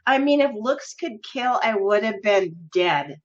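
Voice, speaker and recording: A woman's voice: mid-range voice, lively intonation, a little slow. Giggly woman podcast host. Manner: giggly, chatty. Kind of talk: casual storytelling. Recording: lo-fi recording.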